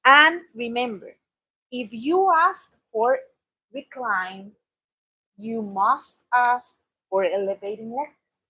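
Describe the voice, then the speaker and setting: Slow, emphatic woman trainer. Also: fairly high pitch, a bit bright, husky, no echo, poor audio. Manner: slow, emphatic teaching with playful asides and laughs. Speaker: physical therapy trainer. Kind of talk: hands-on training session. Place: training room.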